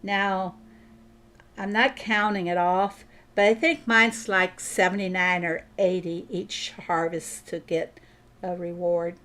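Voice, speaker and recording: A woman's voice: fairly low pitch, fairly even intonation, slow, a bit bright. A woman chatting casually while she plays a farming game on stream, thinking aloud and answering viewers. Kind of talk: casual gameplay commentary.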